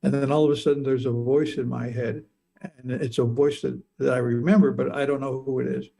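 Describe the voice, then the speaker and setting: Older man, gravelly and dark, halting personal storytelling with frequent repeats. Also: mid-range voice, little pitch movement. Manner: halting, repeats words, stammers. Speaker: speaker telling a near-death experience.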